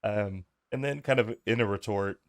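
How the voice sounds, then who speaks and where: On a podcast he co-hosts, a man with a lowish voice recaps wrestling in a relaxed, chatty way, quoting lines from the show. He speaks at a moderate pace, and the studio-quality recording has no room sound.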